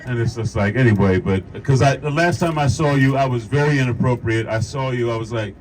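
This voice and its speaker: A man's voice: medium pitch, fairly quick, hardly any pauses, a little hiss or hum, rough recording. A man, an actor, giving a rambling, emotional speech at an outdoor union rally, laughing and repeating himself into a handheld mic. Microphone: handheld microphone.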